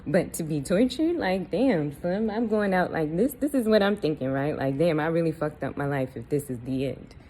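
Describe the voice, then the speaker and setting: Woman with a mellow low voice, telling her own story straight to camera, blunt, cusses a lot, faint hiss behind. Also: expressive, normal speed, hardly any pauses, low-quality recording. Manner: candid, blunt, swears freely, laughs between lines. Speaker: vlogger.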